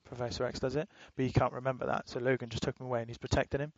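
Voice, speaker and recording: A man's voice: medium pitch, flat delivery, very fast, no room sound, dull audio. A man co-hosting a podcast, rambling in casual chat, swearing freely and laughing as he retells things. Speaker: podcast co-host.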